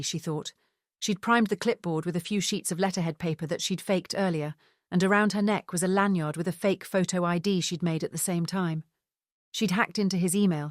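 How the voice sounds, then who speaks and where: A woman reading a novel aloud as an audiobook narrator, in an even, measured way. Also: lowish voice, no room sound, clean studio sound. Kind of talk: scripted narration.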